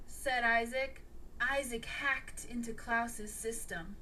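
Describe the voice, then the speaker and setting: A woman reading an audiobook story aloud in an earnest, animated way. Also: a little high, takes it slowly. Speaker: audiobook narrator.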